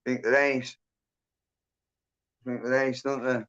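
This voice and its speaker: Sweary bloke rambling on a stream. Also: male voice, mid-range voice, steady tone, measured pace, long pauses, a bit bright, clean tone. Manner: rambling and blunt, swears a lot, calls people mate and bro. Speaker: livestream host. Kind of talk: casual livestream chat. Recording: dull lo-fi stream audio.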